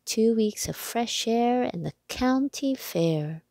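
Storybook mother, voiced by a female reader: cheerful, slightly raised, unhurried. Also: fairly high pitch, expressive, a little mellow, no room sound, studio quality, pitched above the performer's own voice.

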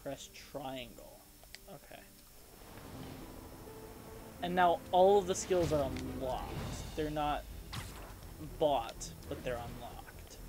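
A man playing through a video game and chatting casually, with excitable outbursts. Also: fairly high pitch, takes it slowly, long pauses, background noise. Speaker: gamer playing. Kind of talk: casual let's-play chat.

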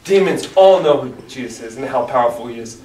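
A man's voice: medium pitch, animated, fairly quick, darkish tone, recorded from a distance. Earnest man teaching Bible study, echoey. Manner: earnest, emphatic, reads scripture aloud. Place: church room. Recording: echoey room, mic from afar, faint hiss.

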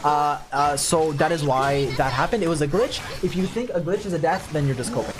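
A man's voice: fairly high pitch, brisk, few pauses, loud music behind the voice. A young man streaming games, chatting casually with his viewers, swearing a lot and reading chat aloud.

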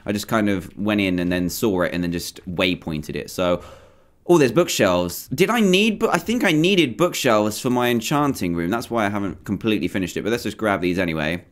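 Talking over gameplay in a casual gaming video, a young host gets excited and rambles, often saying um and correcting himself. His voice is on the low side, and he speaks fairly quickly.

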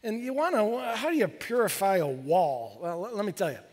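A man in his fifties, a pastor preaching a sermon with animated, excitable delivery. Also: normal speed. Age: 50s. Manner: animated, bursts into high excited exclamations. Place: church sanctuary. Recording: long church hall reverb.

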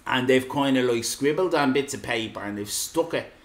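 An Irish woman co-hosting a live stream, judging entries with teasing, deadpan banter. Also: rumbling low, moderate pace. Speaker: co-host. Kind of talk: playful banter, mock-grumpy judging.

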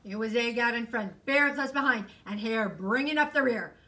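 A woman reading her picture book aloud in an expressive, sing-song, teacherly way, with fun facts in between. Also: a little high, moderate pace, recorded from a distance.

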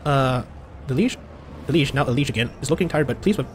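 A man's voice: medium pitch, animated, quick pace, a little hiss or hum. A man playing a video game, chatting casually and reading dialogue aloud with fillers. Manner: chatty, reads text with fillers. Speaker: gaming channel host.

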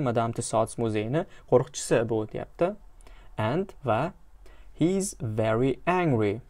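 A man from Uzbekistan leads an English lesson, reading a story phrase by phrase and translating as he goes. His voice sits at an ordinary middle pitch. He repeats each phrase slowly and pauses often as he explains it. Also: darkish tone. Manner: hesitant, frequent pauses. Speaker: English teacher.

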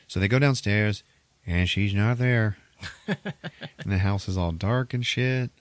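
A man with a deep voice retells a horror movie scene by scene, swearing freely and acting out the twists. His voice is close and dry, with no room sound at all. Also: a little slow, dry recording. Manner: profane, animated storytelling. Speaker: podcast host. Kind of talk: casual movie plot retelling.

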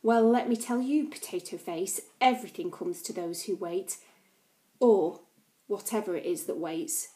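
A woman's voice: mid-range voice, measured pace, warm tone. A woman teacher reading a class novel aloud to her pupils, with playful chatty asides.

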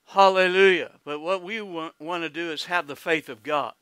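An Oklahoman-accented pastor delivers a folksy, exclamatory sermon, calling to the congregation and bursting into laughter and hallelujahs. He talks at normal speed in a fairly high, sharp voice that is clear and resonant, recorded dry.

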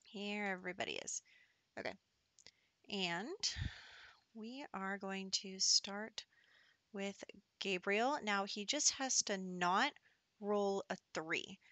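A woman's voice: medium pitch, sharp tone, no echo. A woman giving casual, chatty commentary over her gameplay, giggling often and slipping into whispered asides.

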